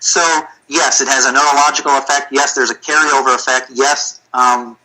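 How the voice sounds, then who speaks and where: Man with a very sharp, bright voice. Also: mid-range voice, moderate pace, poor audio. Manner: animated, storytelling with acted-out quotes. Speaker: physical therapy clinic owner, guest. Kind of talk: casual storytelling chat.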